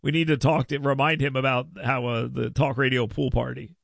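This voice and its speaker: A man's voice: medium pitch, flat delivery, brisk, creaky, no room sound. A man hosting a talk radio show, telling a rambling story full of mocking voices. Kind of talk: casual radio chat.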